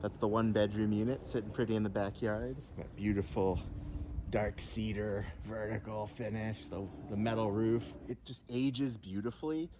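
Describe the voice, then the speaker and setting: A man's voice: on the low side, fairly even intonation, normal speed, background noise. A man from Louisiana giving a casual walkthrough tour, upbeat and jokey, chatting with small restarts. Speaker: vlogger touring a backyard unit. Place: small unit indoors and out, backyard.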